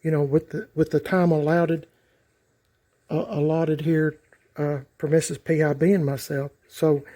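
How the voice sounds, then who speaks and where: Middle-aged guy rambling to his viewers outside by the garage, kinda high voice, lots of you knows. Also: level tone, measured pace, dark tone. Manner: rambling, lots of fillers and restarts. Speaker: YouTube vlogger. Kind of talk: casual talk to camera.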